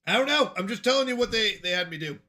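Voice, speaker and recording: An American man chats casually on a gaming livestream, drifting from topic to topic as he replies to viewers. His voice sits high and sounds bright and forceful. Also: animated, fast talker. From United States. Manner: rambling, answers chat questions aloud. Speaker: streamer.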